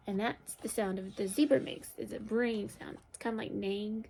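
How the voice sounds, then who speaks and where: A woman teacher reading a picture book aloud to young children in a sing-song storybook voice, with high excited calls and gentle, encouraging questions. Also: moderate pace, vocal fry, hardly any pauses, slight background noise.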